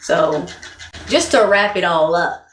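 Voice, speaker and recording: A woman's voice: fairly low pitch, lively intonation, slow, slight background noise. A woman vlogging relationship advice in a blunt, chatty way, laughing often and repeating points for emphasis. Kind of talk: candid casual monologue. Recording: roomy echo.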